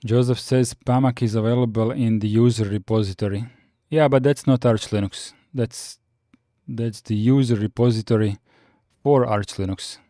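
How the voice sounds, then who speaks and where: A man hosting a live-streamed lesson, reading through command notes and answering chat in a steady, explanatory way with frequent fillers. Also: mid-range voice, normal speed, dry recording, studio quality. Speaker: Linux course host.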